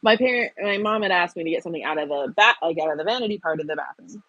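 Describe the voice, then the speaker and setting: A woman's voice: on the low side, expressive, racing, a bit bright, no room sound, muffled recording. A young woman hosting a casual stream, telling stories and laughing often. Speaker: streamer host. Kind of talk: casual chat. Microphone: earbuds.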